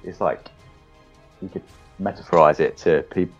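A man chatting casually as a podcast co-host, relaxed and agreeable. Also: deep voice, normal speed, dull audio, soft background music. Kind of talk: casual film chat.

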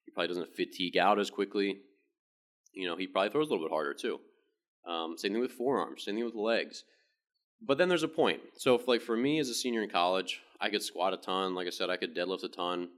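Deep-voiced man explaining pitching training. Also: fast talker, a bit bright. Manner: conversational, rambling with restarts. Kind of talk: casual explanatory talk.

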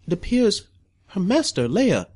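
A man's voice: sits high, very animated, unhurried, a little mellow, breathy edge. A man running a tabletop game as game master, narrating in a put-on English accent that he keeps losing, laughing often.

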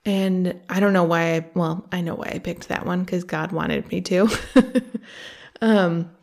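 A woman's voice: fairly low pitch, steady tone, a little slow, gravelly, a little mellow. A woman hosting a faith podcast, speaking earnestly and conversationally and reading quotes from a book aloud. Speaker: podcast host. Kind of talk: reflective faith podcast talk.

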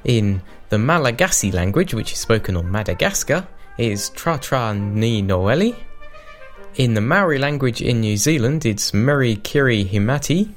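A man's voice: medium pitch, lively intonation, moderate pace, soft background music. A British man co-hosting a podcast, reading holiday greetings and making self-deprecating, careful attempts at pronouncing them. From Britain. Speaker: co-host.

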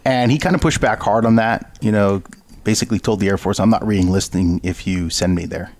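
A male guest telling his faith testimony in an earnest, storytelling way, with frequent pauses and fillers. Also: on the low side, darkish tone. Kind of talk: interview testimony.

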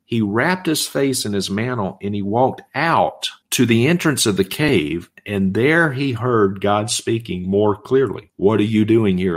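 A man giving an expository sermon, reading scripture aloud and arguing each point with emphasis. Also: medium pitch. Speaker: Bible teacher.

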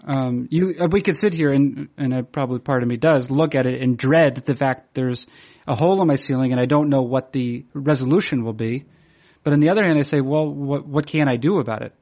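A man's voice: mid-range voice, brisk, a little mellow. A man from the Boston area chatting casually, rambling and hesitant, with many fillers and restarts, laughing at himself as he tells stories. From Boston area, USA. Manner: self-deprecating, laughs while telling stories. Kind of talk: casual chat.

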